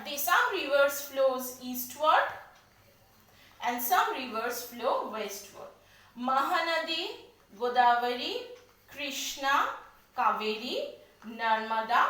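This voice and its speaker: Animated Indian woman teaching geography. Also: sits high, echoey room. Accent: Indian English. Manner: repeats key points slowly, spells words out. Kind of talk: classroom lecture.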